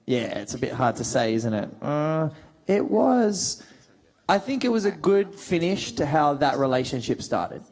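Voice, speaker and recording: Lively man telling stories. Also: on the high side, a little slow. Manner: animated storyteller, acts out quotes, laughs often. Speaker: actor guest on a convention panel. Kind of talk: casual panel Q&A, anecdotes.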